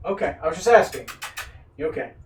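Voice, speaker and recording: A man running a tabletop role-playing game in a casual session, often stammering and restarting, relaxed and joking. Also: a little high, fast talker. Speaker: game master. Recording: roomy room, distant mic, faint hiss.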